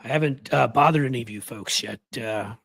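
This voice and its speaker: A man hosting a political live stream, raspy from the flu, talking bluntly and conversationally to his viewers. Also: mid-range voice, brisk, fairly bright tone, no room sound, poor audio. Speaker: political commentary host.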